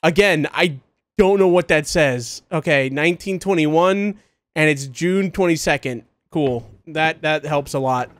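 A man hosting a horror game let's play, giving confused running commentary and bursting into excited yelps and laughter. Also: on the high side, unhurried. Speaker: gaming video host.

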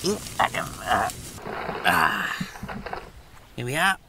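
A man's voice: mid-range voice, big pitch swings, takes it slowly, background noise. A man voicing a brash, gun-loving Australian bloke in an adult cartoon, swearing constantly in a blunt, matey way, with an Australian accent. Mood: boastful.

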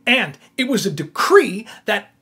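A man giving an informal Bible teaching, retelling the story with animated, casual storytelling. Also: sits high, unhurried, breathy edge, soft background music.

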